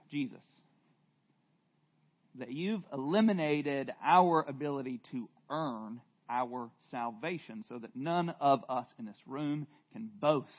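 A man preaching a sermon to a congregation in a church room, earnest and unhurried, stumbling into restarts now and then. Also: mid-range voice, highs cut off. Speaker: pastor.

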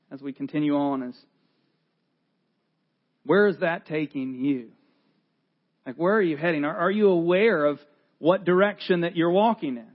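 A man's voice: a little high, highs cut off. A man in his forties who is a pastor, preaching a sermon in an earnest, conversational way and often restarting his phrases.

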